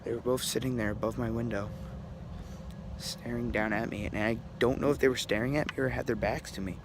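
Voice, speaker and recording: A young man recounting a spooky personal story at home, speaking low and hushed into a handheld camera. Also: fairly even intonation, a little fast, noisy background. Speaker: vlogger. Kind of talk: first-person scary story telling. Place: at home, indoors.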